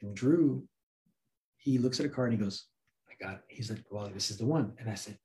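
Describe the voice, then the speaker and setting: A man guest telling a casual anecdote, animated and acting out what people said. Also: fairly low pitch, a little fast. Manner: animated storyteller who acts out quotes.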